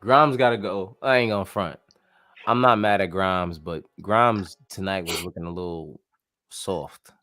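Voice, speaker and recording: A man hosting a casual sports podcast, talking in an animated, slangy, joking way. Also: low voice, measured pace, soft background music. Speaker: podcast host.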